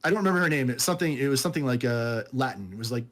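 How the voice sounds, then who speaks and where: A man's voice: medium pitch, animated, rapid-fire, a bit bright. A man co-hosting a podcast, chatting casually and rambling through a book review, laughing often and calling his friend dude. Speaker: podcast co-host.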